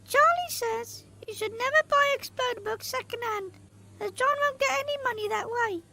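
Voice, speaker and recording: A performer voicing a small, crude child who tells a sketch story in a flat, matter-of-fact way. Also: very high-pitched, normal speed, gravelly. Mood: deadpan. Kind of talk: comedy sketch character.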